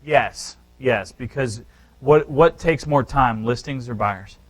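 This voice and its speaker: A male real estate instructor leading a live seminar, speaking straight to the room. He talks in an animated, emphatic way, often restarting sentences as he works through his points. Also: medium pitch, takes it slowly, rough recording.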